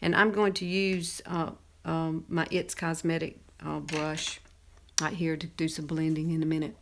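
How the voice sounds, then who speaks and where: A woman's voice: low voice, level tone, a little slow, vocal fry, noisy background. Chatty Southern woman in her fifties. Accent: Southern American. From Southern United States. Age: 50s. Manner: chatty, laughs often, talks while applying makeup. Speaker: makeup presenter. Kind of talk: casual makeup tutorial.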